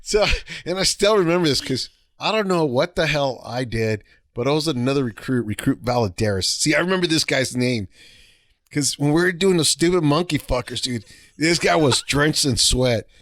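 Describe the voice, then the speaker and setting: A young man co-hosting a podcast, animated in casual chat, swearing and laughing at his own stories. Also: fairly high pitch, normal speed, dry recording, clean studio sound. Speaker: podcast co-host.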